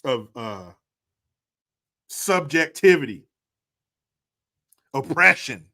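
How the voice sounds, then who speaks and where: Animated, sarcastic man ranting on camera. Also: moderate pace. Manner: profane, sarcastic and mocking; swings between loud outbursts and low muttered asides. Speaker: commentary video host. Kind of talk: opinionated commentary.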